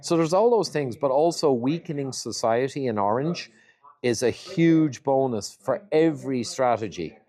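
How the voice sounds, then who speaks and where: A man's voice: mid-range voice, expressive, moderate pace, mellow. A man speaking as an interview guest, laying out his points one by one in an emphatic, list-like way. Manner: lays out points in lists, emphatic. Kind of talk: interview conversation.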